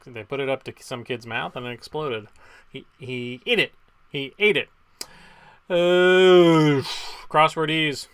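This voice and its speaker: A man running a casual online trivia night from his home webcam. His voice is bright and clear, with little room sound. He reads questions plainly, then wanders into rambling, jokey asides. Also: medium pitch, no echo. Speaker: trivia quiz host. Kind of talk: casual live trivia hosting.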